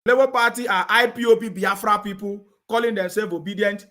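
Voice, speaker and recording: A man's voice: high voice, steady tone, brisk, pushed and bright. A man delivering a combative, repetitive rant and often asking his audience if they understand him. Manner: combative, repeats phrases, asks "you understand me?". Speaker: political commentator. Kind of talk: heated live-stream rant.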